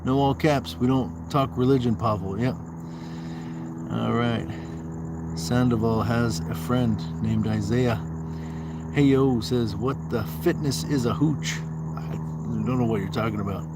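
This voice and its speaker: A man's voice: medium pitch, unhurried, heavy background noise. A man from the Southwest United States hosting a casual livestream, reading viewer comments aloud and answering them with playful, bantering asides. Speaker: livestream host. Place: outdoors on a walk.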